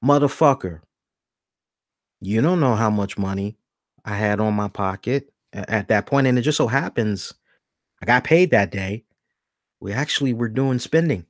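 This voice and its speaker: A man in his thirties hosting a podcast, telling a story in a casual rant, acting out the people in it with big jumps in pitch and some swearing. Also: moderate pace, pauses often, no echo, clean studio sound. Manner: animated, acts out quoted dialogue with big pitch jumps, swears. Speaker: podcast host.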